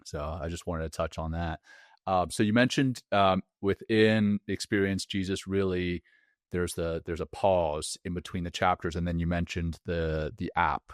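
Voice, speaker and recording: Very deep-voiced laid-back male host. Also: steady tone, normal speed, dry recording, clean studio sound. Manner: loose, laughing, filler-heavy. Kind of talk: casual podcast conversation.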